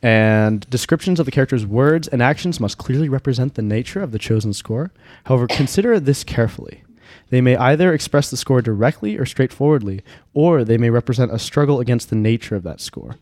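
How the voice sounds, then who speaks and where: A man leads a tabletop role-playing session and reads its rules aloud. He sounds measured and steady, at a middle pitch. The recording is close and dry. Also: no echo. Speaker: game master. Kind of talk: reading rules in a tabletop game.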